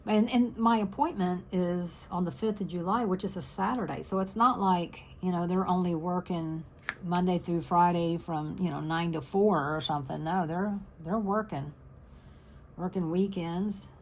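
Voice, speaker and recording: Lady in her middle years just rambling on to her viewers, deep and a bit gravelly. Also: normal speed, a little hiss or hum. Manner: rambling, chatty, trailing off. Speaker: crafting channel host. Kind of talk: casual chat to viewers.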